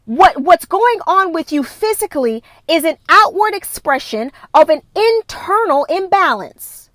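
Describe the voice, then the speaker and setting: A woman's voice: extremely high pitch, sing-song, measured pace, fairly bright tone, dry recording. A woman wellness coach giving a live-streamed motivational talk into her phone, emphatic and repetitive, driving her points home with a preachy insistence.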